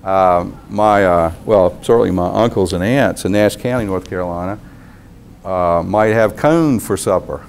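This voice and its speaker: A man, a university professor, giving a lecture in a measured, thoughtful way with frequent pauses. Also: low-pitched, steady tone, gravelly, a little hiss or hum.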